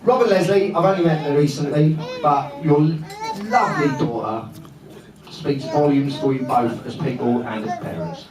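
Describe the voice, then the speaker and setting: A man with a fairly high voice speaks at a moderate pace, giving a joking, flustered best man speech at a wedding and laughing often. He's in a large function room full of guests, picked up from far off in a roomy space with a loud, laughing crowd.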